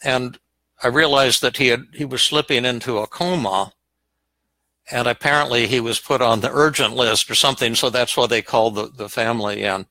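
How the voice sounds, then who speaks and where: An older man, a psychiatrist, telling a personal story in a live question-and-answer session, halting and repeating words as he goes. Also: mid-range voice, fairly even intonation, sharp tone, no room sound, poor audio. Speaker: psychiatrist and podcast host.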